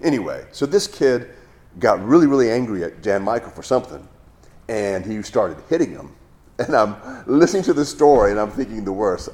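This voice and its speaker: A man's voice: fairly low pitch, expressive, a little fast, darkish tone. A middle-aged man giving a conversational Bible teaching, telling stories in a rambling, folksy way with many restarts.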